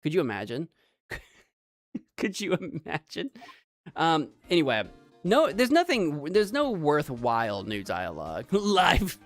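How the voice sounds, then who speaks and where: A man streaming a game, giving playful, animated commentary and bantering with his chat. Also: fairly high pitch, unhurried, long pauses, faint music behind. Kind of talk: let's play commentary.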